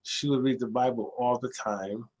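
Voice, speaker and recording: A librarian from New York City appears as a guest in a casual interview, telling stories animatedly and acting out other people's voices. His voice is mid-range and moderately paced, though the audio is poor.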